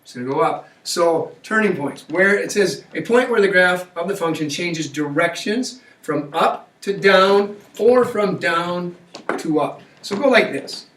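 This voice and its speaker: A man's voice: high voice, animated, a little slow, fairly bright tone. A man teaching a math class, coaxing students along with frequent check-in questions. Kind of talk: classroom lecture. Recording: echoey classroom, mic far off.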